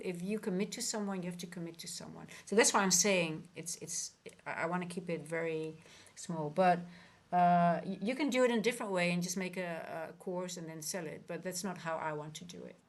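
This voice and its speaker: Woman livestream host, earnest, rambling, restarts often, slightly low pitch. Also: a little fast. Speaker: trading coach and livestream host. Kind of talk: casual livestream chat.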